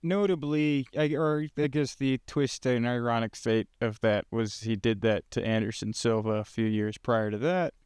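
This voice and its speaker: Male co-host, casual sports talk, halting delivery, crisp clear voice, dry room. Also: mid-range voice, fairly even intonation, a little mellow, no room sound. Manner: hesitant, many restarts.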